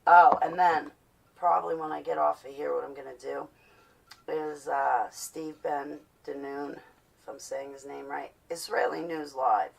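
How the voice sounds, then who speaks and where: A woman chatting casually with her viewers on a livestream from home, rambling into animated stories. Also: low-pitched, measured pace, creaky, distant mic.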